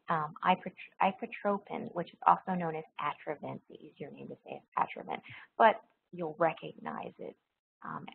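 Gravelly woman lecturing over a tinny line. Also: lowish voice, slight background noise. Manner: explanatory, repeats key points, frequent ums. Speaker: nursing pharmacology instructor. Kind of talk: recorded lecture.

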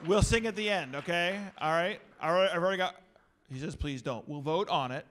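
High-voiced joking pastor. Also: male voice, brisk, a little hiss or hum. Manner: energetic, joking with the crowd. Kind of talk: youth gathering talk.

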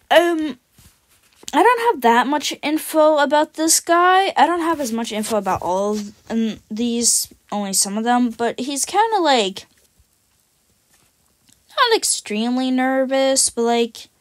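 Lively-pitched woman rambling casually. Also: takes it slowly, pauses often, no echo. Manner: rambling and self-deprecating, many fillers, casual swearing. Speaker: YouTuber describing her drawn cat characters.

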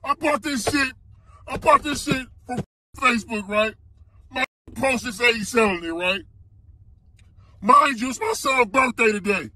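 A distraught man crying and shouting as he rants about being scammed. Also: very high-pitched, measured pace, long pauses, a little hiss or hum, low-quality recording. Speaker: scam victim in a viral clip. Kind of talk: emotional self-filmed rant.

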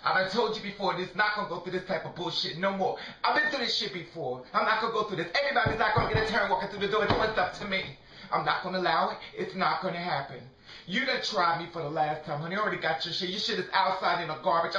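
A man puts on a furious, jealous woman who tears into a cheating partner in a comedy sketch. The voice is high, bright and sharp, full of profane, sassy, repetitive scolding. It is heard in a dull, roomy recording from some distance away. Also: fast.

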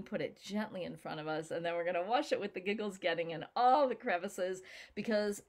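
A woman's voice: lowish voice, a little fast, a little mellow. A woman leading a live online laughter session, playful and coaxing, laughing often between her cues. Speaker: laughter yoga leader. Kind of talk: guided laughter exercise session.

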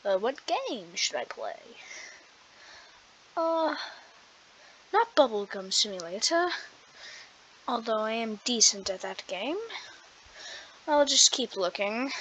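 A woman's voice: on the high side, a bit bright, low-quality recording. A woman hosting a casual gaming vlog, rambling and self-deprecating, laughing often as she talks. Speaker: gaming video host.

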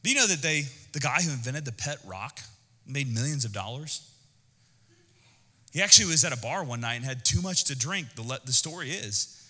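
A man preaching a sermon as pastor, animated and conversational, with jokes. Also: medium pitch, moderate pace, husky, big-room sound. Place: church auditorium.

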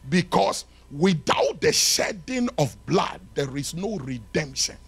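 A male pastor preaching a sermon in a church, swinging from loud shouted lines to hushed ones and acting out little dialogues. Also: a little high, sing-song, slow pace, gravelly, breathy edge. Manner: acts out dialogue between lovers.

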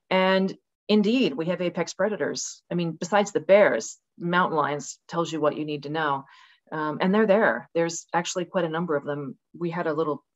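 Woman guest, casual and animated, lower voice, lo-fi call audio. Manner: animated, acts out voices with laughs. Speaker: guest author. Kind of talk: casual interview conversation. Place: rural home with dogs.

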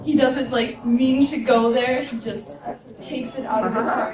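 A woman's voice: high-pitched, steady tone, unhurried. A woman contestant on a convention panel, rambling hesitantly through her argument. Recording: echoey hall, distant mic, crowd.

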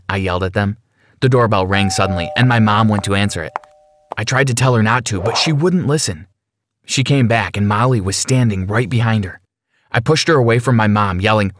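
Low-voiced man narrating a dramatic story. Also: brisk, dry recording. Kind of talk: scripted first-person story narration.

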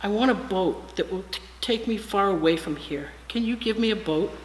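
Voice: mid-range voice, normal speed, close to an everyday voice. A guest preacher voicing a boy who grows into a weary old man in a storybook read-aloud. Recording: echoey hall, faint hiss.

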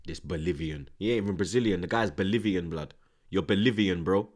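A man's voice: deep voice, fairly quick. A man hosting a football watchalong, ranting with heavy swearing and street slang. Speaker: host.

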